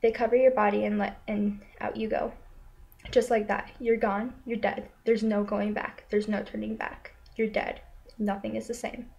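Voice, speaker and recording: A woman telling a story in a slow, solemn, steady manner, returning again and again to the same short lines. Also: medium pitch, vocal fry, dull audio. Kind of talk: spoken second-person narration.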